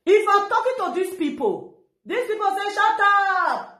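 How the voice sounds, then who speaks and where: A woman's voice: very high voice, very animated, normal speed, fairly bright tone, reverberant. A middle-aged woman with a Nigerian Pidgin English accent, ranting animatedly on a live video and retelling what others said. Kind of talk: casual live-stream talk.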